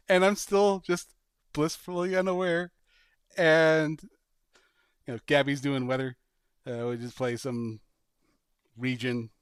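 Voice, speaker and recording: A man hosting a podcast, chatting casually and pitching a sketch idea with animated storytelling and bursts of laughter. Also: slow pace, pauses often, clear, resonant tone, no room sound, clean studio sound. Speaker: podcast host. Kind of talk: casual chat.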